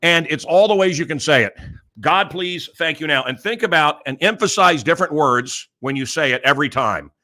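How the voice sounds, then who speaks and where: Bright-voiced man hosting a rambling show. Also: a little high, lively intonation, brisk, hardly any pauses. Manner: rambling, jumps between topics with many fillers. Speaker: talk show host. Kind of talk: casual monologue.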